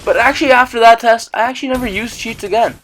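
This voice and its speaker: A man's voice: very high-pitched, fast, background noise. A young man telling a story in a casual, rambling way, full of 'like' and 'you know'. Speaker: vlogger. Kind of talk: casual story-time chat.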